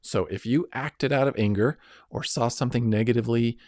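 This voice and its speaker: A man's voice: medium pitch, brisk, a little mellow, no echo, clean studio sound. A middle-aged man giving an earnest self-help lesson, coaching listeners step by step and often checking in with "right?" and "okay?". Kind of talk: instructional self-help talk.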